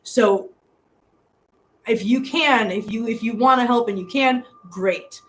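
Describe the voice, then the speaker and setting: A middle-aged woman runs a live stream from a hotel room, talking slowly in a slightly high voice. She speaks to her viewers sincerely and from the heart, laughing often, as the channel's host. The recording quality is low.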